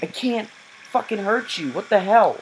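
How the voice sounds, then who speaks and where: A man's voice: high-pitched, lively intonation, normal speed, a little hiss or hum. A young man playing a video game and commentating, screaming and swearing in frustrated outbursts. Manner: cries out in sudden loud outbursts. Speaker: gamer. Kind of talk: let's play gameplay commentary.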